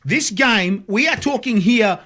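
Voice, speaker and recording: A man hosting a football talk show, excitable and exclamatory, often repeating himself. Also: high voice, measured pace. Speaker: show host. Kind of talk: casual chat.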